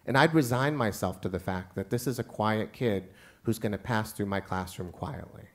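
A man's voice: fairly low pitch, moderate pace. A man who is a teacher tells a wry, self-mocking personal story live on stage.

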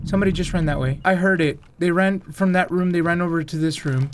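A man's voice: sits high, brisk, hardly any pauses, background noise. A man giving profane, joking let's-play commentary on a VR horror game, switching between English and Spanish. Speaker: VR gamer, channel host.

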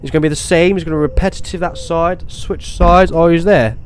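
A young man playing a horror game, talking to himself and swearing, with sudden excited outbursts. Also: fairly high pitch, a little fast, a little hiss or hum. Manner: swears, talks to himself, swings between muttering and excited outbursts. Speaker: gaming YouTuber. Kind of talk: horror game let's play commentary.

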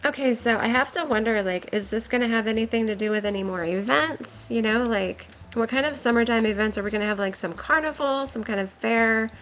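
A young woman giving excited, giggly commentary while playing a game, her voice worn from a long stream. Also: on the high side, brisk, few pauses, soft background music. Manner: gushing, giggly, exclaims often. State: voice nearly gone, worn.

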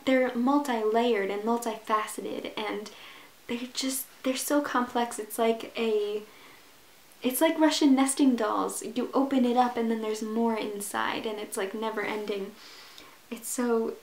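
Woman book vlogger, fairly high voice, gushing and chatty, echoey room. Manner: enthusiastic, gushing, with fillers and restarts. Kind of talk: casual reading vlog.

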